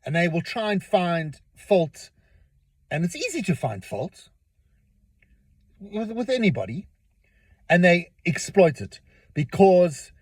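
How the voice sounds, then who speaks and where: A man's voice: sits high, big pitch swings, takes it slowly, pauses often, a little mellow, husky, no room sound. A middle-aged man hosting a podcast, rambling through a casual opinion monologue and often repeating his words as he tells stories. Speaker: podcast host.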